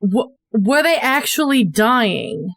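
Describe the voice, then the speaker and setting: Woman player, a bit high; probing, insistent questions. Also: sing-song, takes it slowly, vocal fry, fairly bright tone, dry recording. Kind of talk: casual tabletop play.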